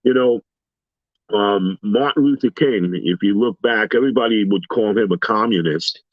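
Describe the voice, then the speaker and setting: A man on a talk panel, telling everyday stories in a casual, animated way and acting out the people he quotes. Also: on the low side, normal speed, no echo. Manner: animated storyteller, acts out quoted voices. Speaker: panel guest. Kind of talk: casual storytelling chat. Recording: slightly dull lo-fi sound.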